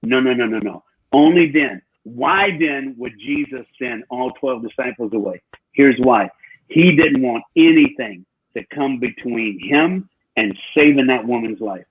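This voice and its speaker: A man's voice: mid-range voice, a little slow, slight background noise. A man, a guest speaker, telling stories in a preaching style, emphatic and repeating his phrases. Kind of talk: preaching storytelling. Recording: tinny phone-like call line.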